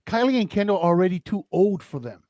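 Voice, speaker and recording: A man with a high voice rattles off his opinions at speed as a podcast co-host. His words are stuffed with "like" and restarts. The sound is dry and close to the mic. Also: sing-song, mellow, no echo. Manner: rapid, filler-heavy, riffing with lots of "like". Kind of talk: casual chat.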